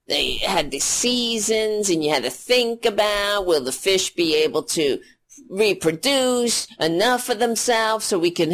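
A woman hosting a political commentary show, ranting in a sarcastic, profane and rambling way. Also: medium pitch.

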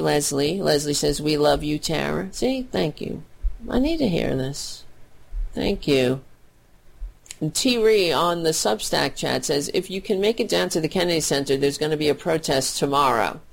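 A woman's voice: low-pitched, creaky. A woman hosting a political livestream, talking bluntly and heatedly, and getting emotional as she thanks her viewers. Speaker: political talk show host. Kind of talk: casual livestream commentary.

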